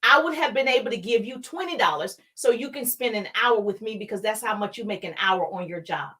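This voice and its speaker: A woman's voice: mid-range voice, animated, fairly quick, bright, forceful tone. A woman doing a sad little boy. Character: sad five-year-old boy, small.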